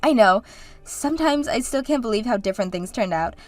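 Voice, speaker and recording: A woman's voice: a little high, expressive, a little fast, close to an everyday voice. A woman voicing Sarah, an earnest and grateful young woman who is a bride-to-be, in a scripted story drama. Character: bride-to-be sister, grateful and nervous.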